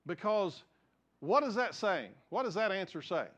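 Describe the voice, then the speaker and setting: A pastor preaches a sermon in an earnest, storytelling way. His voice sits fairly high for a man, and he swings between raised emphasis and hushed, quiet passages. The recording sounds dull and lo-fi. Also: lively intonation, moderate pace.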